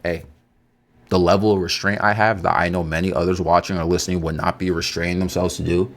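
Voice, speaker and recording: A man hosting a podcast, talking to his listeners in a heated monologue. He is agitated, swinging between loud outbursts and slow preaching. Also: sits low, level tone. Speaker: podcast host.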